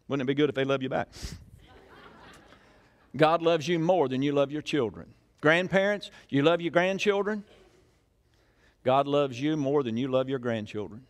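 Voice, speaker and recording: An older man, preaching a sermon in a church in a folksy storytelling way full of questions to the crowd. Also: fairly high pitch. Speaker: pastor.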